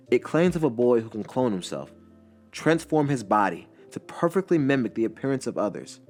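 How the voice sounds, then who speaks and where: A man hosting his channel, narrating a fan story in a relaxed, plainspoken, casual way. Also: on the low side.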